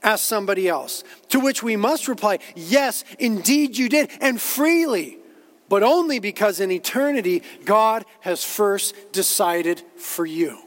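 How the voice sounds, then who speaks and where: A man with a high, animated voice preaches unhurriedly, and the space gives it a big-room sound. As a pastor, he earnestly repeats himself and quotes others while building his point.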